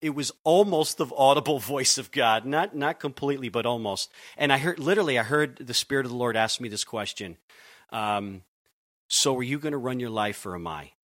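A man's voice: mid-range voice, lively intonation, brisk, fairly bright tone, no echo. A youth pastor from Connecticut telling his calling story in an earnest, conversational way with frequent restarts. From Connecticut, USA. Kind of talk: conversational podcast interview.

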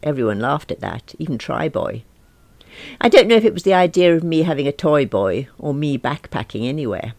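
A woman's voice: low voice, sing-song, fairly quick, darkish tone, no room sound. A middle-aged woman narrating a comic diary novel in a wry, self-mocking manner. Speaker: audiobook narrator.

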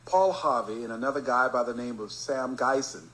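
A man from Miami giving a storytelling motivational speech, emphatic and rhythmic, slowing down to stress key phrases. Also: mid-range voice, fairly bright tone, rough recording. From Miami, Florida. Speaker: motivational speaker.

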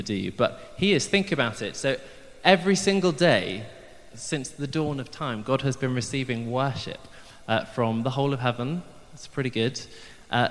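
Man preaching in a reverberant church. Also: medium pitch. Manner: chatty, self-deprecating, many ums. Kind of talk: humorous church sermon. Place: church hall. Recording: long hall reverb.

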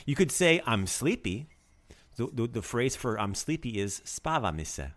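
A man's voice: medium pitch, sing-song, normal speed, a bit bright. A man hosting a casual language lesson, joking and coaching pronunciation. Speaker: language teacher host.

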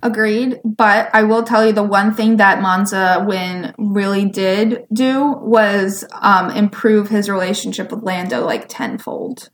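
A woman's voice: mid-range voice, unhurried, hardly any pauses. A woman co-hosting a casual podcast, recapping a race in a bubbly, giggly way and saying "like" a lot. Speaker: podcast co-host. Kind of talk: casual chat about motor racing.

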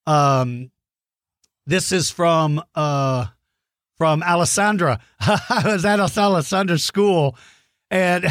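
Guy hosting a kids podcast, kinda high voice, chatty and excited, lots of ums, dry close sound. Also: no echo. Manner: friendly, enthusiastic, with many fillers and restarts. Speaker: podcast host answering children's questions. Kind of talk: casual chat to young listeners.

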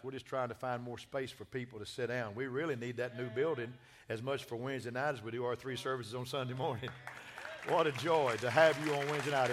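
A man's voice: mid-range voice, fairly bright tone, a little hiss or hum. A man, a pastor giving a church sermon and announcements in a folksy, joking, exuberant way. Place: church sanctuary.

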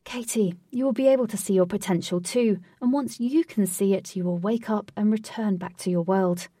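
A woman's voice: mid-range voice, normal speed, warm tone, no room sound, clean studio sound, recorded from a distance, close to an everyday voice. Woman reading as earnest male guide Wraith. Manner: earnest, patient, lecturing.

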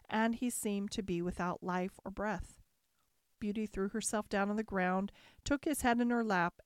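A woman narrating a classic fairy tale as a calm, measured bedtime story. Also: medium pitch, clear, resonant tone, dry recording, clean studio sound.

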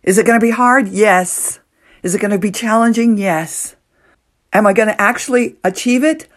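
A woman hosting a solo motivational podcast, earnest and emotional, moving between soft hushed lines and excited bursts. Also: mid-range voice, normal speed. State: nervous, emotional. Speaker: podcast host.

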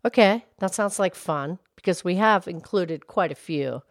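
A woman voicing a gentle, patient cow who cohosts a children's podcast. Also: fairly low pitch, normal speed, no echo, clean studio sound, natural voice. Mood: calm. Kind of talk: kids' podcast character play.

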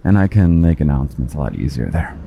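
A man's voice: rumbling low, sing-song, fast, vocal fry. A man hosting a flirty, rambling walking podcast outdoors, slightly out of breath, laughing often. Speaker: podcast host. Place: outdoors on busy city streets. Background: traffic and construction noise.

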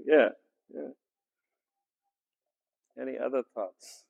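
A man's voice: mid-range voice, creaky, big-room sound, narrow, tinny audio. A man preaching a conversational sermon as pastor, often checking in with "right?" and using many fillers. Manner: frequent "right?" checks, many fillers, slow deliberate delivery. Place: church sanctuary.

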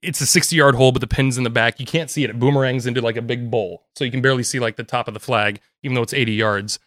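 A man, a golf caddie, telling stories in an animated, laughing, casual chat. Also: medium pitch, dry recording, studio quality. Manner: animated, quick, laughing storyteller.

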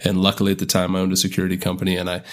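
A man's voice: low voice, monotone, rapid-fire. A middle-aged man on a podcast, telling long stories in a rambling way with lots of fillers and restarts. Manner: rambling, filler-heavy, self-interrupting. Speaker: podcast guest. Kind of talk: casual storytelling.

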